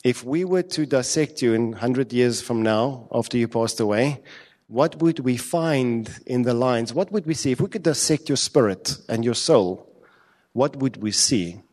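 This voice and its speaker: A man delivers a sermon in a relaxed, conversational way, then leans into points with emphatic rhetorical questions. His mid-range voice rings out with a long reverb trailing behind each phrase. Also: mid-range voice, a little slow. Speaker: preacher.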